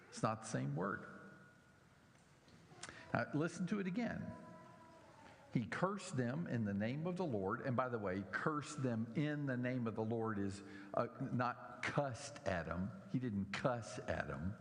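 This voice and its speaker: Man, preacher, gravelly voice, slow deliberate sermon, long hall reverb. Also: mid-range voice. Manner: animated, mocking voices of scoffers in the story. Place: church.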